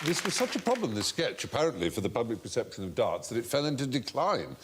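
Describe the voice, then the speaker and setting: A man hosting a comedy quiz show, telling an anecdote with animated relish. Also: mid-range voice, quick pace, a loud crowd, heavy background noise. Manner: animated storyteller, relishing the tale.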